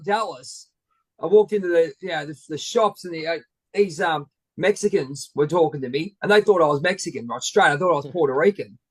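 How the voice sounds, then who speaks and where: A high-pitched Australian man hosts a relaxed chat and tells his stories in a chatty, easygoing way. The sound is dry and close, with no room echo. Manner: chatty, telling travel anecdotes. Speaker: host. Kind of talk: casual interview chat.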